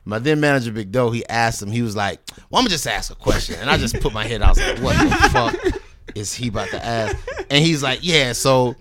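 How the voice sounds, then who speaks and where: North carolina guy on a podcast, animated storyteller, cusses a lot, does everyone's voices. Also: medium pitch, quick pace, over a noisy crowd. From Greensboro, North Carolina. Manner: animated storyteller, swears freely, acts out quoted people. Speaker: guest rapper. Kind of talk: casual interview storytelling.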